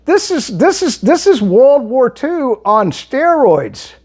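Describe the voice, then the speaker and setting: A man answers his viewers in a heated, argumentative monologue. His pitch swings up and down animatedly, and he often stumbles and restarts mid-sentence. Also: sing-song, slow, darkish tone. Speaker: political commentary vlogger. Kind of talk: monologue reading and replying to viewer comments.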